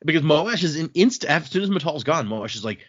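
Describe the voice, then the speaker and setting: On dull, lo-fi audio, a male podcast host chats casually about a novel, retelling its scenes and performing the characters' lines. His voice is a little high and sing-song, slightly fast, a bit bright, with a breathy edge.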